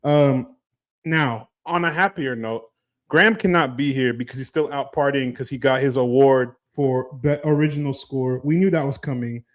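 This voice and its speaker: A man's voice: medium pitch, moderate pace. A man co-hosting a casual podcast, ranting animatedly with lots of swearing and laughter. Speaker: podcast co-host. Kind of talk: casual chat.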